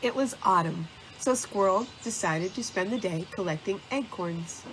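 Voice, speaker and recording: A woman narrating a children's storybook, reading in a slow, deliberate way. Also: medium pitch, a bit bright, a little hiss or hum.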